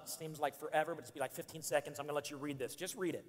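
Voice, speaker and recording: A man in his forties telling an animated, joking story to a church congregation. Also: fairly high pitch, rapid-fire. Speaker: speaker. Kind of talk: storytelling sermon. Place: church auditorium. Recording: long hall reverb in a church.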